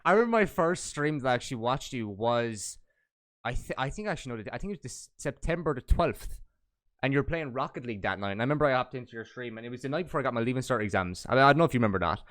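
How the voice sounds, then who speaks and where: A man's voice: mid-range voice, lively intonation, rapid-fire, fairly bright tone, no room sound, studio quality. A young man hosting a casual podcast, asking friendly questions with hesitant fillers. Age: young adult. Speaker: podcast host.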